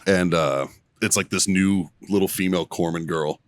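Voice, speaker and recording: A man's voice: low-pitched, steady tone, moderate pace, dry recording, studio quality. A young man, a podcast co-host, telling a rambling story in casual chat, swearing and laughing often.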